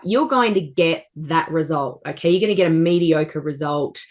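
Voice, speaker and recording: A woman's voice: deep voice, normal speed, hardly any pauses. A woman coach in a casual chat, enthusiastic and encouraging, giving everyday examples. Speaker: co-host and coach.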